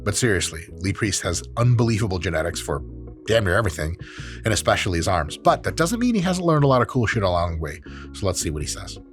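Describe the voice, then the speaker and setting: Animated, swearing man commenting on videos. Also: sits low, quick pace, soft background music. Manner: profane, joking, animated. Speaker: host, exercise science professor. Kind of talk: casual commentary on training videos.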